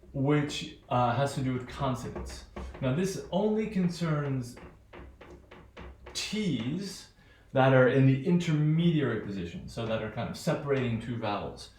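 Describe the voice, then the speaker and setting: A male teacher with a General American accent, lecturing on pronunciation, halting, restarting often and checking with "right?". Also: medium pitch, expressive, darkish tone, roomy sound. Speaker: phonetics teacher. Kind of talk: recorded remote lecture.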